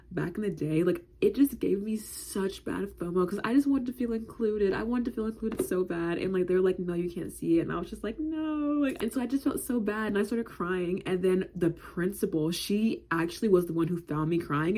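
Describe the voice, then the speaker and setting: A woman's voice: mid-range voice, fairly quick, mellow. A woman in her twenties telling a casual storytime, chatty and slangy, with filler words in nearly every phrase.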